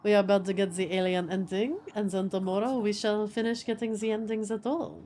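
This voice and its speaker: A woman's voice: medium pitch, little pitch movement, fairly quick, dark tone. Young woman gaming on stream, joking around w chat, bit of background hiss.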